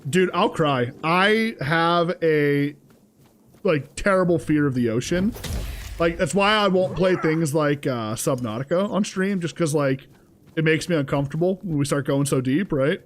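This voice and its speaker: A man's voice: on the high side, measured pace, faint music behind. A young man streaming a game, chatting casually with his viewers, swearing freely and reacting to the action. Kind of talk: casual gameplay commentary.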